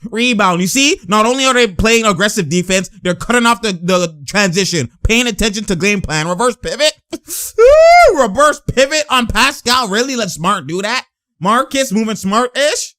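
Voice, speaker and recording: A man giving loud, laughing, slangy commentary as he reacts to game footage. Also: sits high, no room sound, studio quality. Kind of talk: excited live reaction commentary.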